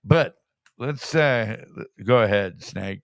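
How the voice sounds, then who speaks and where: A man's voice: medium pitch, takes it slowly, vocal fry, no echo, studio quality. A man hosting a casual chat show, blunt and swearing freely. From California. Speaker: show host.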